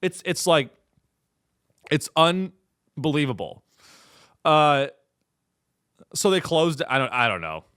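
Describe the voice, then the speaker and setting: A man's voice: on the high side, sing-song, takes it slowly, long pauses, fairly bright tone, smooth, dry recording, studio quality. A young man hosting a comedy show, ranting in a profane, rambling way and slipping into mocking voices. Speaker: comedy podcast host. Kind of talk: comedic rant.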